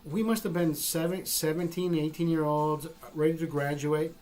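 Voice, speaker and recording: A man's voice: fairly high pitch, normal speed. A man from Honduras with a Honduran accent, telling a story casually and profanely, acting out what people said. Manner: profane, animated storytelling with acted-out quotes. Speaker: podcast host.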